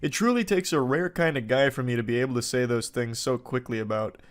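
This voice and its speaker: A man's voice: mid-range voice, a little fast, close to an everyday voice. A man reading out a gushing, overeager young woman's texts in a sugary, overly sincere tone.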